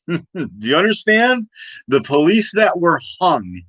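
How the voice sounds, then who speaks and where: A man's voice: a little high, sing-song, takes it slowly, fairly bright tone, no room sound, low-quality recording. A man in his forties ranting in a late-night monologue, rambling and agitated with many restarts and repeated questions. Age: 40s. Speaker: host.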